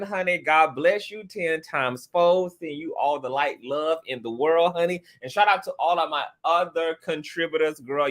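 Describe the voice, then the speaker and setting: A man's voice: a little high, sharp tone. A man hosting an online commentary show in a casual, flamboyant, sassy way, calling his viewers girl and honey. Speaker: commentary channel host. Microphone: home studio mic.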